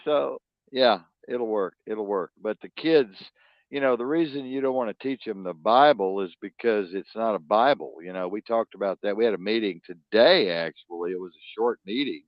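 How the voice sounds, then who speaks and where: A man's voice: on the low side, a little fast, no room sound. A man hosting a talk show, ranting bluntly and profanely in a rambling, emphatic way. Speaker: podcast host. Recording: dull lo-fi dry sound.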